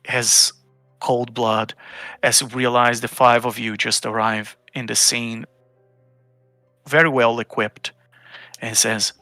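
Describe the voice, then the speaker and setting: A man narrating as dungeon master of a tabletop game, relaxed and explanatory. His voice is bright and tense. The sound is dry and close. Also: mid-range voice, slow, pauses often, no room sound, soft background music.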